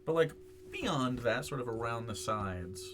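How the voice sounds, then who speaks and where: A man's voice: mid-range voice, animated, measured pace, background noise. A man narrating as game master, rambling with many fillers while he describes the scene.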